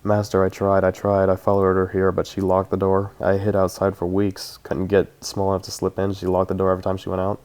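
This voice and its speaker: An anxious wooden servant creature frets and repeats itself, read by a man in a low voice. The delivery stays fairly flat and close to a plain reading. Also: brisk, hardly any pauses, lightly acted. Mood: anxious, pleading.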